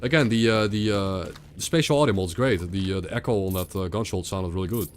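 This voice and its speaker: A man's voice: sits low, fast talker, slight background noise. A young man streaming a video game, rambling and sarcastic, often repeating himself. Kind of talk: casual gameplay commentary.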